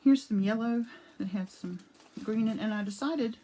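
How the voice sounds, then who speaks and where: A woman's voice: fairly high pitch, moderate pace, dark tone, poor audio. Chatty woman giving a live art demo. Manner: chatty, greets viewers by name mid-demo; rambling, with frequent restarts and asides. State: talking around a cough drop. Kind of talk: casual live-stream craft demo. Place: home art studio.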